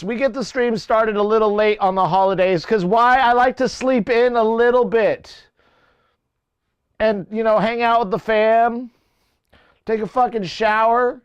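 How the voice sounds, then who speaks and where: A man's voice: high voice, clean tone, no echo, dull audio. A man hosting a casual livestream and talking through audio settings in his home music studio. He rambles and corrects himself as he thinks aloud on a lapel mic. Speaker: livestream host. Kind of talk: casual technical chat. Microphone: lavalier mic.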